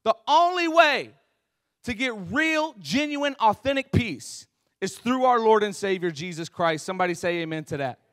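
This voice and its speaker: A man's voice: high voice, moderate pace, dry recording, clean studio sound. A young man preaching a sermon, telling funny stories and acting out the voices in them. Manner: animated, acts out voices in his stories. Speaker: pastor. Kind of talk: sermon with comic storytelling.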